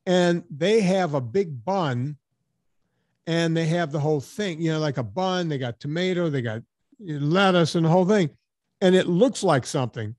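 With a slightly high voice, a podcast host animatedly tells a story in casual conversation, acting out the dialogue and swearing casually. The recording is studio quality with no echo.

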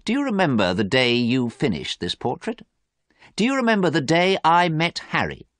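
A man reading a storybook, voicing a cruel, mocking young man who speaks slowly and hard. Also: on the high side, very animated, fairly bright tone, no echo, pitched above the performer's own voice. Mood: cold, cruel.

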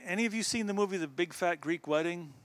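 Speaking fast in a high voice, a man in his sixties appears as a guest speaker for a church youth group. His sermon is earnest and exhorting, broken up by chuckles between points, and the recording is dry.

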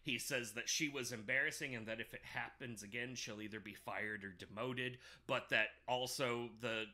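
A man's voice: medium pitch, normal speed. A man co-hosting a podcast, casually retelling a film's plot and acting out the characters' lines with laughs. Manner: animated retelling with acted-out quotes and laughs. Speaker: podcast co-host. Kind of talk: casual movie recap chat.

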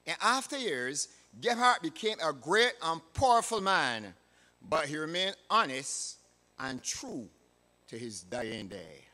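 Barbadian man, church elder, measured emphatic sermon, high voice, long hall reverb. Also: big pitch swings, sharp tone. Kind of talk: sermon with a read-aloud story.

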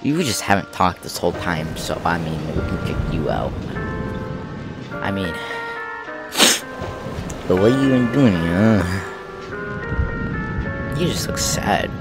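A man giving let's play commentary, blurting out excited reactions as he plays. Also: sits low, slow, long pauses, over loud music. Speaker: gamer.

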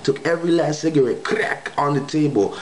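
A man's voice: on the high side, fairly quick, a little hiss or hum, rough recording. A young man casually telling a spiritual testimony story in slangy speech, acting out the quoted lines. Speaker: guest giving testimony.

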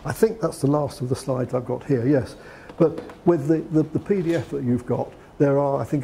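A man's voice: medium pitch, dark tone, slight background noise. A man giving a talk on preparing a CV, conversational, with frequent restarts and fillers. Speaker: guest lecturer. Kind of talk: lecture on preparing a CV.

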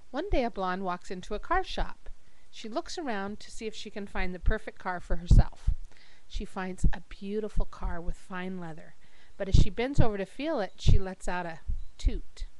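A woman reading jokes aloud to a webcam at home in a lively storytelling voice, jumping up high for the silly characters. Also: normal speed, background noise. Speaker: joke teller. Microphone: webcam microphone.

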